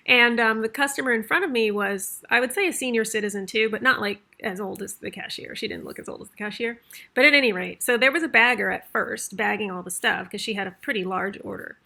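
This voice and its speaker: Woman vlogger rambling thru a story, bright voice with lots of vocal fry. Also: on the high side, lively intonation, brisk. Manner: chatty, rambling with fillers and laughs. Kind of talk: casual storytelling.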